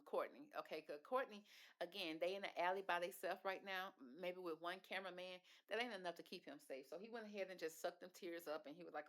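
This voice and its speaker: A woman reviewing a reality show in casual, gossipy talk, with sassy asides and calling listeners baby and girl. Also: fairly low pitch. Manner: sassy asides ending in "okay?". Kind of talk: casual video commentary.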